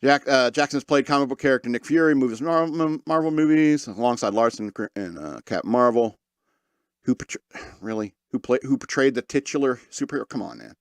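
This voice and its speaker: A podcast host reads news stories aloud, breaking off into sarcastic, mocking asides for comedic effect. His mid-range voice has lively intonation and a brisk pace, and the recording has no room sound.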